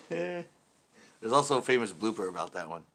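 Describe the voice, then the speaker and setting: A man's voice: medium pitch, big pitch swings, normal speed, gravelly, heavy background noise. A man hosting a casual live stream from home, chatting with viewers and laughing often between remarks. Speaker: host of a live after-show stream.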